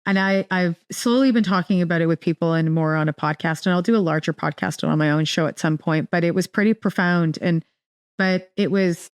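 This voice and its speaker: A woman's voice: fairly low pitch, a little fast, clear, resonant tone, no echo, clean studio sound. A woman guest telling a personal story in a casual interview, rambling with many restarts and fillers. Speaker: podcast guest.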